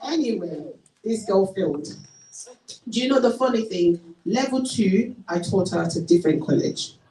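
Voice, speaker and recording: A woman with a Nigerian accent speaking at a parenting seminar. She tells stories in an animated way and acts out the parents' voices. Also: mid-range voice, normal speed. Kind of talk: seminar talk with anecdotes. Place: church hall. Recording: echoey hall, mic from a distance.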